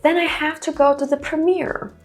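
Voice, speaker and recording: A woman reading out a listening quiz for English learners, careful and deliberate. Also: sits high, little pitch movement, faint music behind. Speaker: English teacher. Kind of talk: slow, clear quiz narration for learners.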